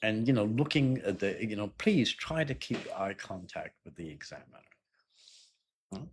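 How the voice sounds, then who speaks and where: A man teaching an exam-prep lesson in a loose, conversational way, often clearing his throat and repeating words. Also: fairly low pitch, very animated, moderate pace, a little hiss or hum. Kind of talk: explanatory spoken lesson.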